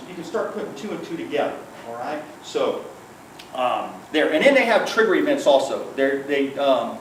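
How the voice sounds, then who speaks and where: Recorded from a distance in an echoey room with faint background noise, a man with a slightly high voice leads a conversational workplace-safety training. A former police liaison officer, he tells stories, acts out quotes, and frequently asks his audience "okay?"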